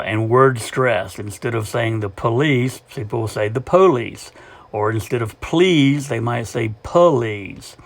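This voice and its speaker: A man with a Gulf Coast Southern accent, talking casually to the camera on a hiking trail in a relaxed, unhurried way. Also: medium pitch, gravelly, dry recording. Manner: relaxed, unhurried, with frequent fillers. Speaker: hiker vlogger. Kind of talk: casual trail vlog talk.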